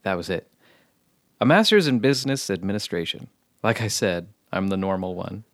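An actor playing a plain, mild-mannered accountant turned author, answering in a flat, baffled way. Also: male voice, sits low, normal speed, no room sound, studio quality. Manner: flat, mildly baffled replies. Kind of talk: comedy sketch acting.

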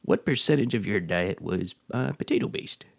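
Man doing a dry radio host voice, low and gravelly, super close and dead dry. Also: moderate pace, dry recording. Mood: deadpan. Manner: calm, dry, oddly insulting questions. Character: deadpan, needling male public radio host. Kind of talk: mock public radio interview.

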